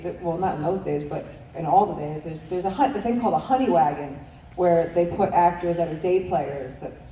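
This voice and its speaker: A New York-accented actress, a guest on a convention panel, speaks in a mellow, lowish voice. She chats casually, swearing and laughing often as she rambles and restarts her sentences. The recording sounds roomy, with a distant mic and faint hiss.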